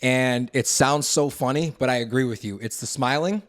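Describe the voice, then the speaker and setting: A young man co-hosting a podcast, chatting in an energetic, bubbly and slangy way. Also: mid-range voice, moderate pace. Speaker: podcast co-host. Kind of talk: casual conversation.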